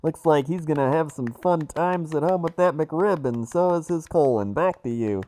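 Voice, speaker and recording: A man's voice: fairly high pitch, moderate pace, warm tone, natural voice. A man voicing a frantic male traffic reporter in a helicopter, with rambling, jokey news-reader patter. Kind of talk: comedy podcast bit.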